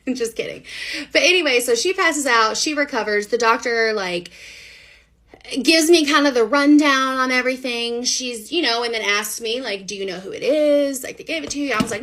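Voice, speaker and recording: A woman telling her own story to the camera in a casual, animated, chatty way. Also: a little high, normal speed. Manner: animated, chatty, many fillers. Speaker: storyteller sharing a personal story.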